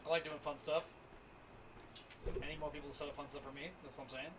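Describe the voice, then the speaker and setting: A man's voice: on the high side, level tone, fast. A man chatting and laughing with friends on an outdoor patio, upbeat and swearing. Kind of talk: casual chat. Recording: distant voice in noisy outdoor ambience.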